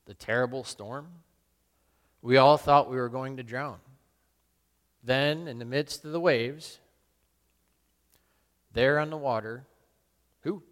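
A man playing the apostle Peter, a burly fisherman full of guilt, in a solemn, halting dramatic monologue. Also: mid-range voice, natural voice. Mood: remorseful. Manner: solemn, halting and self-questioning. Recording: long reverb in a large hall.

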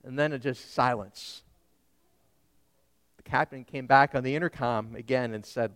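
A man's voice: medium pitch, moderate pace, a bit bright, clear, resonant tone, in a large hall. A man, a Lutheran pastor, preaching a sermon emphatically and putting questions to the congregation.

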